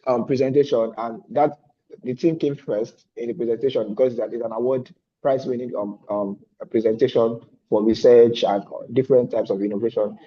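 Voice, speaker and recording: A man's voice: mid-range voice, husky. Hesitant man on a lo-fi video call. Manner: hesitant, many fillers. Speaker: fellowship student. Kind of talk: online meeting update. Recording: dull lo-fi call audio.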